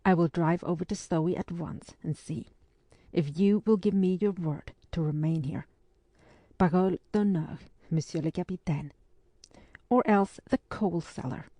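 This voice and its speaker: A woman reading the part of a brisk, firm English spinster hostess in an audiobook. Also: on the low side, warm tone, no echo.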